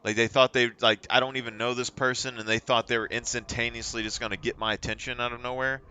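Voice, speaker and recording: A man's voice: mid-range voice, level tone, quick pace, bright, forceful tone, smooth. A male streamer chatting casually during a live gaming stream, rambling and thinking aloud.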